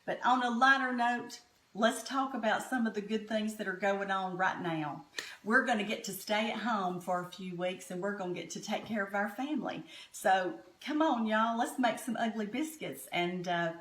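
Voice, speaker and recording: A woman's voice: medium pitch, moderate pace, a little hiss or hum. Middle-aged Southern woman, home cook host, folksy storytelling, roomy kitchen sound. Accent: Southern American. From Southern United States. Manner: homey, chatty, warm-hearted storytelling. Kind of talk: folksy cooking chat. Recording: echoey kitchen room.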